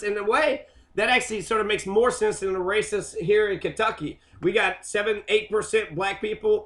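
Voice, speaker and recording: A man with a high, bright, ringing voice talks through a clip in loose, rambling commentary. He swears freely, drifts between points and leans on fillers as he rants. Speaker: video commentator.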